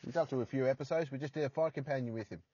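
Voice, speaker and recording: A man's voice: mid-range voice, very fast, dark tone, slightly rough, muffled recording. An Australian man hosting a solo podcast from his parked car, rambling and poking fun at himself with crude jokes. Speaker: podcast host.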